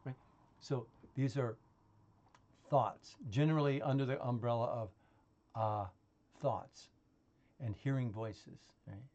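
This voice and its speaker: A man's voice: mid-range voice, slow pace, pauses often, a little mellow, lo-fi sound. A man talking in a casual, rambling monologue, full of swearing, laughter and restarts. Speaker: vlogger.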